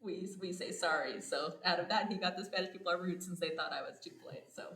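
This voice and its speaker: A chatty American woman, a podcast host, talks in an echoey room indoors at a home abroad. Her fairly low, slightly bright voice moves at a quick pace as she tells stories in a casual chat, laughing often.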